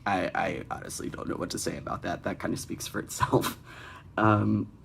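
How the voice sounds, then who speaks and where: A man's voice: low-pitched, normal speed, creaky, a bit bright, slight background noise. A young man hosting a comedic critique of bad fan fiction, with sarcastic, exasperated asides. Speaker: fanfic critic and host.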